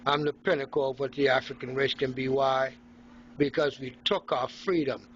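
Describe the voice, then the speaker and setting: A man's voice: medium pitch, fairly even intonation, normal speed, a bit bright. A man from Haiti delivering an angry, rambling, profane monologue as a personal video log from a hospital room. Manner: ranting, profane, mocking. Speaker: vlogger recording a personal log. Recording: dull lo-fi with faint noise.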